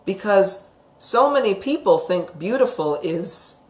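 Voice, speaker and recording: A woman's voice: mid-range voice, slow pace. Chatty woman in an echoey room. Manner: chatty and expressive, keeps asking "right?". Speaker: psychic teacher. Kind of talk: live-stream chat reading viewer comments. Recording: roomy echo.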